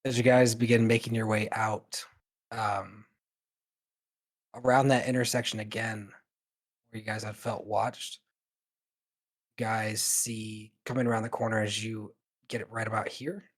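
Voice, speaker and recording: A man's voice: lowish voice, flat delivery, measured pace, long pauses. A man narrating a tabletop game as game master, in a loose style full of fillers.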